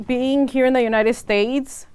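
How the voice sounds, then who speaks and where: A woman's voice: high voice, fairly even intonation, unhurried, darkish tone, clean tone. A woman hosting an interview, speaking in a supportive, encouraging way. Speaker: host. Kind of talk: interview conversation.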